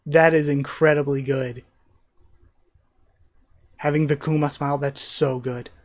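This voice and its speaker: A man hosting a live manga reaction, reading panels aloud and commenting excitedly. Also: on the high side, measured pace. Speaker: reaction channel host.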